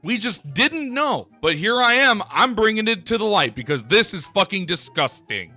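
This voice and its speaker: A man's voice: sits high, very animated, normal speed, few pauses, sharp tone, soft background music. A man streamer ranting angrily and sarcastically, swearing often as he answers a critic. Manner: profane, heated, sarcastic. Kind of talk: angry reaction rant.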